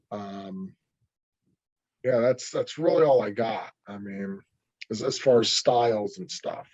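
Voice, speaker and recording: Male arm wrestler guest, husky and profane, dull call-quality recording. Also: medium pitch, dark tone, no echo. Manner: blunt, profane, heated ranting. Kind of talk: casual interview over a call.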